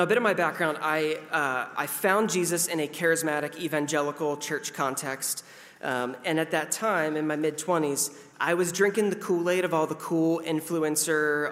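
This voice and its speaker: This pastor, a man in his thirties, preaches in a relaxed, chatty way, with self-deprecating humor and the occasional acted-out voice. His pitch sits fairly high and his tone is slightly bright, with long hall reverb on the audio.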